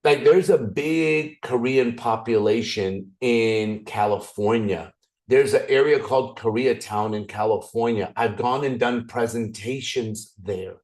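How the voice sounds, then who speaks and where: Man, raspy voice, motivational trainer, excited, repeats himself, medium pitch. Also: measured pace. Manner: excited, repetitive, frequent restarts; swings up and down in pitch. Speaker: business opportunity trainer.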